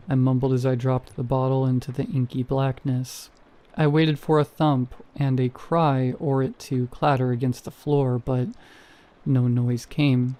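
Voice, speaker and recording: A man reads a scripted first-person horror tale, measured and suspenseful in his pacing. His voice has a dark, mellow tone at a middling pitch. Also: level tone. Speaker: narrator.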